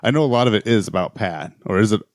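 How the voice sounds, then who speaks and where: Low-voiced man, hesitant podcast chat. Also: animated, fast talker, no room sound, clean studio sound. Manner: hesitant, apologetic. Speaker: podcast co-host. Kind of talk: casual comic book chat.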